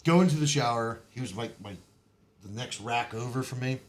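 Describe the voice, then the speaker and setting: A man's voice: mid-range voice, normal speed. A man, a former Marine, telling raunchy boot camp stories on a podcast, swearing freely, laughing often and acting out the voices in his quotes. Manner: profane, laughing, acts out quotes. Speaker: podcast guest. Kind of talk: casual storytelling.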